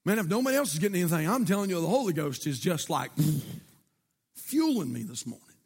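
Male pastor, high-pitched, fiery sermon delivery. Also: very animated, fast, breathy edge. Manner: preaching with rising shouts and call-outs to the church.

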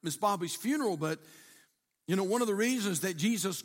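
Brief: high-voiced pastor, emphatic and conversational, preaching in an echoing church. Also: male voice, animated, fairly quick. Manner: repetitive, emphatic, conversational, asks the congregation questions. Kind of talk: sermon. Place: church sanctuary. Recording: reverberant church hall.

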